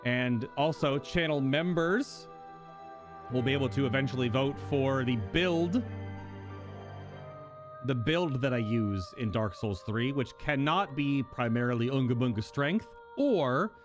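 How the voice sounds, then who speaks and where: A man's voice: mid-range voice, expressive, measured pace, music in the background. A man streaming a video game, chatting casually and rambling to his viewers. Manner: chatty, rambling, talks to chat. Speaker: gaming streamer. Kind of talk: casual gameplay commentary.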